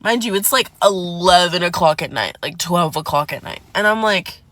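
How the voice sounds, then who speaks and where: A woman's voice: fairly low pitch, moderate pace, fairly bright tone, no room sound. A woman telling a dramatic personal story, acting out quotes and swearing. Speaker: storyteller in a clip. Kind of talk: animated storytime.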